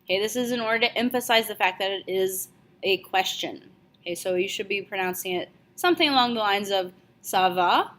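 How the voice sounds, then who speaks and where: A young woman teaching a French lesson, speaking clearly and slowly repeating each phrase. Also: mid-range voice, fairly bright tone. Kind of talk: video language lesson.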